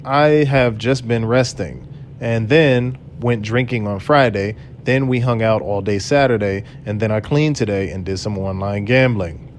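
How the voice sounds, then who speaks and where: A man's voice: on the low side, measured pace, a little hiss or hum, close to an everyday voice. A man reading the texts of an upset, unsure young woman in nearly his own voice.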